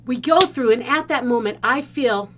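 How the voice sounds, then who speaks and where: A woman from the Philippines, a podcast host, telling a personal story in an animated way and acting out the scenes. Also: on the high side, normal speed, heavy background noise. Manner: vivid storyteller who acts out the scenes.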